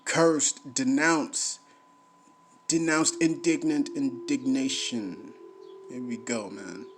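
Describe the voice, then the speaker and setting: A man giving an informal scripture teaching, repeating phrases for emphasis and swinging between loud preaching and low, muttered reading. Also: steady tone, slow, slight background noise. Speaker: bible teacher.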